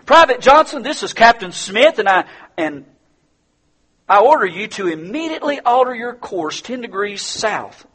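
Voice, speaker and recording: A stern male navy captain, proud and commanding, barks orders over the radio, as a preacher acts him out in a sermon. The voice sits a little high and sounds husky. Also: big pitch swings, moderate pace, pushed and bright, full character voice.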